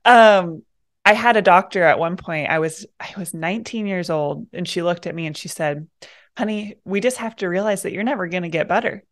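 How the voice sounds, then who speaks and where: A woman's voice: fairly low pitch, fairly quick. A woman guest, a naturopath, speaking emphatically and with conviction in a casual conversation.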